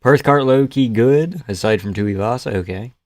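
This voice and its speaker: A man's voice: mid-range voice, normal speed, no room sound, studio quality. A young man hosting a casual live stream, laughing often and swearing easily as he reacts to the chat.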